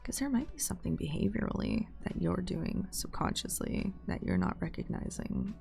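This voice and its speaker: A young woman streamer chatting casually while she draws, sarcastic and slangy, swearing freely and slipping into soft whispery asides. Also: on the low side, creaky. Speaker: live streamer.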